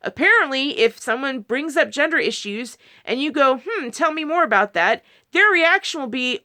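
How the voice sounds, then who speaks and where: A woman's voice: sits high, animated, moderate pace, bright, forceful tone. A married woman talking casually to camera, rambling through a personal story with many restarts and quoted asides. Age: adult, married. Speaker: video creator.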